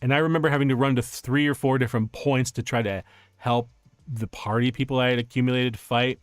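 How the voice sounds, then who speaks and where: A young man streaming casual chat, telling stories in an animated, rambling way with many restarts. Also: mid-range voice, a little fast, clear, resonant tone, no room sound.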